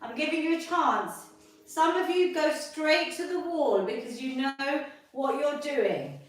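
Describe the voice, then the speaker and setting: A woman's voice: sits high, measured pace. A woman leading a live online exercise class, encouraging and upbeat as she coaches. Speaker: fitness instructor. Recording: echoey room from far off.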